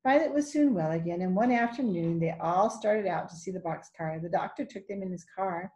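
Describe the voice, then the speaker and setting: A woman reading a children's chapter book aloud in a steady, clear storytelling manner. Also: on the low side, a little fast. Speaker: reader.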